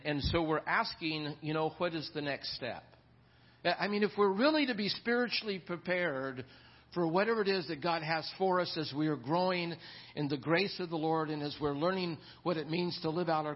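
Folksy pastor guy preaching, kinda high voice, muffled lo-fi church recording. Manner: folksy, repeats words, storytelling asides. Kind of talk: sermon. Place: church sanctuary. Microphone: lapel mic. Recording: dull lo-fi church audio.

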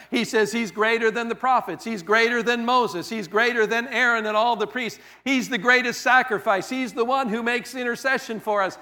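A man's voice: very high-pitched, moderate pace, few pauses, bright, forceful tone. A man preaching a sermon in a conversational style, piling up repetitions and restating his point for emphasis. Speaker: pastor.

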